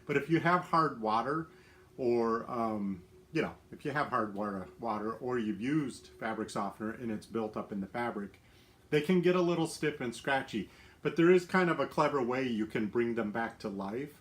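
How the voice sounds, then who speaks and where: A man's voice: mid-range voice, lively intonation, normal speed, a bit bright. A middle-aged man hosting a casual live stream from his home, chatty and upbeat, laughing often and using plenty of fillers. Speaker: lifestyle livestream host.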